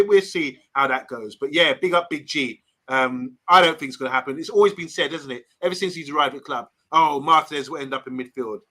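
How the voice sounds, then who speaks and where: A man's voice: medium pitch, sharp tone. A man co-hosting a live fan stream, chatting casually and reading viewer comments aloud. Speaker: podcast co-host.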